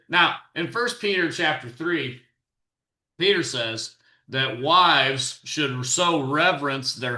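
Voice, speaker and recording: A man's voice: mid-range voice, sharp tone, echoey room. A man hosting his own commentary show, reacting to video clips with exasperated, sarcastic and preachy remarks. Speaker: host and commentator.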